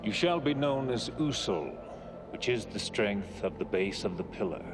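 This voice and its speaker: An actor playing a grave desert tribesman who speaks slowly and ceremonially in a film. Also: fairly low pitch, expressive, breathy edge, soft background music. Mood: solemn. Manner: slow, solemn, ceremonial.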